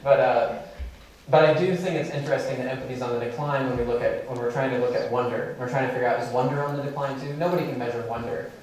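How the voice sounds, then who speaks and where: Mann erzählt locker in hallendem Saal. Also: male voice, mid-range voice, quick pace, slight background noise. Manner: conversational, many fillers, animated storytelling. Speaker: keynote speaker. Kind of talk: storytelling keynote talk. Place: large lecture hall. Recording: echoey hall, mic from a distance.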